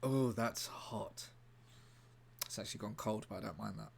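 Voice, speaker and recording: A man streaming live in a rambling, deadpan way, breaking off to answer his chat. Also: on the low side, moderate pace, vocal fry, slight background noise. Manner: rambling, deadpan, self-interrupting. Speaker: livestreamer reading chat. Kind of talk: casual livestream chat.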